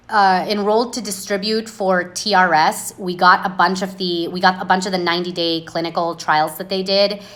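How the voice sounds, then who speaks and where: A woman speaking on a phone livestream, blunt and sarcastic, standing by what she says. Her voice is bright and forceful, and her pitch sits in a middle range. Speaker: livestream host. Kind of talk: casual livestream monologue.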